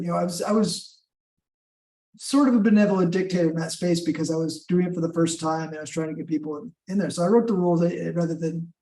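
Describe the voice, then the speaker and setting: A man's voice: high-pitched, warm tone, recorded from a distance. A man taking part in a meetup discussion, explaining his ideas thoughtfully. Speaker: meetup participant. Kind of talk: casual group discussion. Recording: roomy, off-mic.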